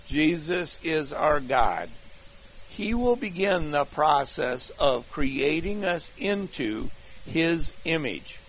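A male pastor preaching a sermon, teaching from an outline and then praying, with deliberate emphasis and repeated key phrases. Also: on the high side, a bit bright, low-quality recording. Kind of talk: sermon with closing prayer.

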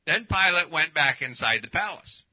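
A man preaching with a lively, swooping delivery and a slightly raised voice. He drives each point home with emphasis and rhetorical questions. The recording sounds dull and lo-fi. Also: a little high, moderate pace. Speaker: pastor. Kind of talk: sermon.

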